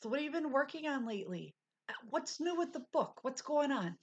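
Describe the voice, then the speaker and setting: A woman's voice: high voice, big pitch swings, fairly quick, muffled recording. A middle-aged woman hosting a casual livestream, chatting candidly with viewers and laughing often while she recovers. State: recovering, low on energy. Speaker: livestream host. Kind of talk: casual live chat with viewers.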